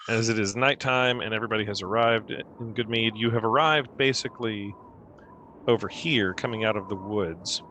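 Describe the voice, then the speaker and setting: A young man narrating as game master, animated and playful as he sets the scene. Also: lowish voice, normal speed, a little hiss or hum.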